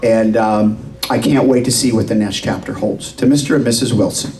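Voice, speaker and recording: A man's voice: lowish voice, steady tone, normal speed, recorded from a distance, very noisy. A middle-aged man, father of the bride, giving a heartfelt and tearful wedding toast at a reception. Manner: tearful, heartfelt, repeating himself.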